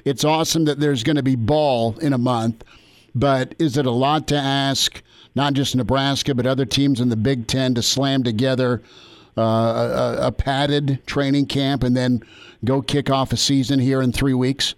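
A man's voice: medium pitch, steady tone, no echo. A man hosting a sports talk radio show, upbeat and casual. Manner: upbeat, casual, quick ad reads.

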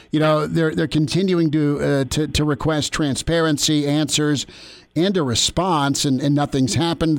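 A man's voice: medium pitch, dry recording. A man hosting a sports radio show, chatting loosely and joking with fillers and restarts. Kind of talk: casual sports radio talk.

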